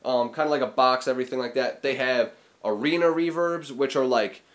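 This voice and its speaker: A man's voice: medium pitch, a little fast. A man hosting a casual music tutorial, talking loosely with lots of fillers and acting out sounds with his voice, recorded in a small room. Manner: rambling, filler-heavy, demonstrates sounds with his voice. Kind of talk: casual explainer video.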